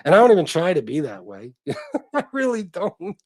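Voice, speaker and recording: A man's voice: sits high, wildly swooping pitch, normal speed, dry recording. A middle-aged man hosting a casual livestream, reading chat comments and talking in a blunt, profane, self-deprecating way.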